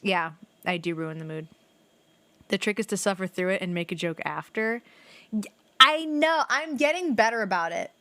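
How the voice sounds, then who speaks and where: Casual let's-play chat from a young woman streaming a video game: her mid-range voice moves at a moderate pace with no room sound. She rambles through animated stories, saying "like" often and swearing occasionally.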